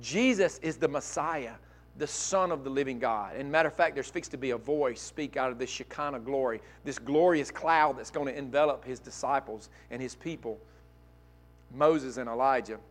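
A male pastor preaching a sermon, dropping to quiet asides and climbing to loud, emphatic peaks. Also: moderate pace. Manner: swings from soft asides to loud, high-pitched emphatic preaching.

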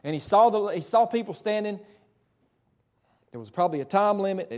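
A man's voice: sits high, animated, moderate pace, long pauses, darkish tone. A pastor preaching a sermon and reading scripture, emphatic and conversational, tossing rhetorical questions to the congregation and correcting himself as he goes.

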